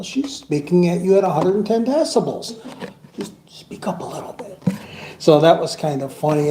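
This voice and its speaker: A man's voice: fairly high pitch, warm tone. Joking man giving a eulogy, roomy hall. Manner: jokey, laughing anecdotes. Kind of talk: storytelling eulogy at a funeral. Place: funeral service room. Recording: roomy hall with clear background noise.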